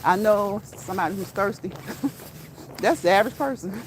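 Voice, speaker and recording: A woman's voice: medium pitch, moderate pace, a little hiss or hum, poor audio. A middle-aged woman talking casually to her viewers while walking outdoors, laughing often and repeating phrases for emphasis. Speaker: vlogger. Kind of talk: casual walk-and-talk vlog. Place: outdoors on a walk.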